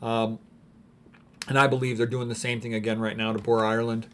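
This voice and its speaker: A man giving rambling, opinionated commentary on paintings, clearing his throat often between thoughts. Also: mid-range voice, little pitch movement, brisk, a little hiss or hum. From United States. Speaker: art commentator.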